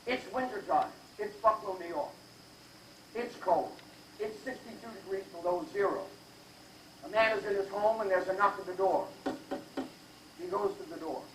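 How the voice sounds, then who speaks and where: A man's voice: sits high, moderate pace, pauses often, a bit bright, slight background noise. An older man doing stand-up, telling jokes in a brash manner and teasing the audience at a live venue. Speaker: stand-up comedian. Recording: echoey live hall from far off.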